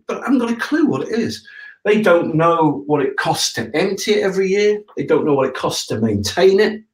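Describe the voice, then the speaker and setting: A man's voice: high-pitched, reverberant, low-quality recording. A man hosting a casual live broadcast, explaining things step by step in a chatty way and checking in with listeners. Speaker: septic tank business owner hosting a live broadcast.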